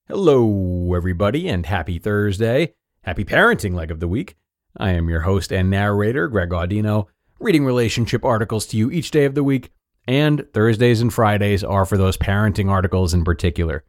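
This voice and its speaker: A man hosting a podcast, reading an article aloud in an earnest, measured way. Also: on the low side, no room sound, studio quality. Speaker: podcast host and narrator.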